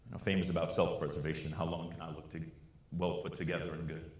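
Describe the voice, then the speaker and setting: A man giving a storytelling keynote speech, animated and acting out the voices of the people he quotes. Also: low voice, fast. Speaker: keynote speaker. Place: large conference hall. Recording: echoey hall.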